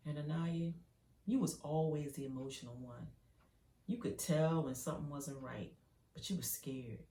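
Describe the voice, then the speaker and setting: Woman doing an intense monologue, low voice but lots of ups and downs, echoey and far from the mic. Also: moderate pace. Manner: intense, storytelling, swings from hushed to loud. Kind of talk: dramatic monologue. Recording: roomy, from a distance.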